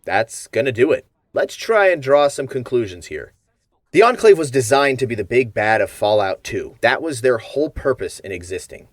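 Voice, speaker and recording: A man's voice: medium pitch, very animated, normal speed, no room sound. A man narrating a gaming lore video essay in a wry, jokey manner.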